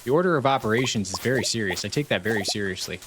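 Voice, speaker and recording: A man's voice: on the low side, animated, very fast, background noise. A man streaming live, bantering with his chat in a playful, mock-serious way.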